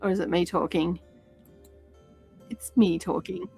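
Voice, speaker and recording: A woman's voice: lowish voice, steady tone, measured pace, vocal fry, darkish tone, husky, faint music behind, rough recording. A woman hosting a stitch-along livestream, chatting casually with many fillers and drifting from the mic while she sorts threads.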